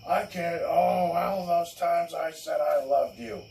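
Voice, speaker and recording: A man doing a shrill, whiny woman. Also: fairly even intonation, slow pace, creaky, darkish tone, reverberant, distant mic, a little hiss or hum, poor audio. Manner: high, shrill and dramatic. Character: whiny indignant woman pleading in court.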